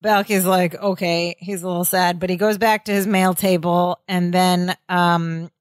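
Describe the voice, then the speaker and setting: A woman's voice: fairly low pitch, little pitch movement, normal speed, dry recording, studio quality. A woman co-hosting a podcast, casually retelling a sitcom episode and laughing often. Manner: chatty, laughing, retells scenes with quoted lines. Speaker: podcast co-host. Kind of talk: casual rewatch podcast recap.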